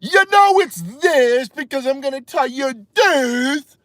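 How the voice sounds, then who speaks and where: A man's voice: very high voice, expressive, takes it slowly, a bit bright, no room sound, voice pushed up, exaggerated voice. A man putting on the voice of a smug, pompous male internet expert who lectures everyone. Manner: pompous, self-satisfied lecturing. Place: inside a car at night.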